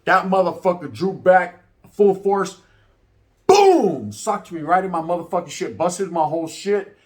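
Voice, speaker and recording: A reaction video host in his forties, with a high, sing-song voice and a measured pace, tells a story and offers his opinion. His talk is casual, profane street slang, and he often tacks "right?" onto his lines.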